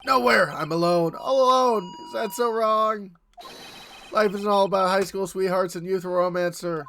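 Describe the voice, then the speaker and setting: A man voicing a jittery, overeager young male patrol officer who loudly ends every sentence with "sir". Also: on the high side, expressive, moderate pace, a little hiss or hum. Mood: nervous, eager. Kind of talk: voicing a game character in a playthrough.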